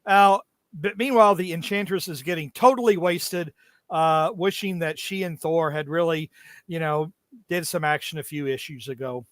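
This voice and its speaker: A man's voice: on the high side, a bit bright, no echo, studio quality. A young man recapping comic book issues in casual chat, joking and stopping often with fillers. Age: young adult. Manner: jokey, halting with many fillers. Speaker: podcast co-host.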